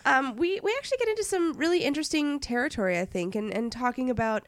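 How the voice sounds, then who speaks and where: Husky woman with a cold, co-hosting. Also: high voice, expressive, quick pace, no room sound, studio quality. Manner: joking, with fillers and repeats. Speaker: podcast co-host. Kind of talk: casual podcast chat.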